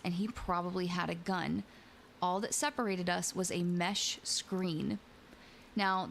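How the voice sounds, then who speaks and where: A woman's voice: on the low side, slight background noise. Giggly young woman streamer reading stories. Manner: playful, giggly, exclamatory. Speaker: VTuber streamer and host. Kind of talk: casual stream chat and story reading.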